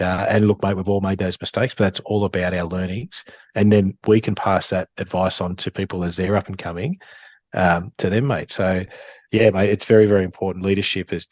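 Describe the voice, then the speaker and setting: A man's voice: low voice, a little mellow, dry recording, dull audio. A middle-aged Australian man, a former police officer and firefighter, chatting casually as a guest in an interview and saying "mate" a lot. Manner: rambling, says "mate" often.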